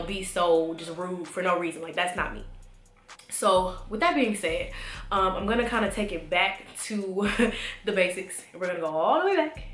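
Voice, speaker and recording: A woman's voice: lowish voice, fairly bright tone, a little hiss or hum. Congested young woman chatting, echoey room. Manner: chatty, rambling, many fillers. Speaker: vlogger. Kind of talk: casual talk to camera. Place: home room.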